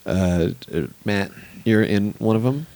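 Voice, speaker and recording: Relaxed low-voiced male podcast host. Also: measured pace, dry recording. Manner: relaxed, jokey, reads plugs and segment cues. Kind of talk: casual podcast chat.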